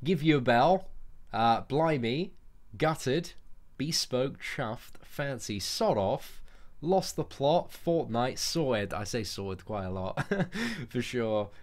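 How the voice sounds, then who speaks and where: A man's voice: mid-range voice, expressive, slow. A young man with an English accent, chatting casually on a live stream and answering viewers' questions off the cuff. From England. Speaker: gaming streamer.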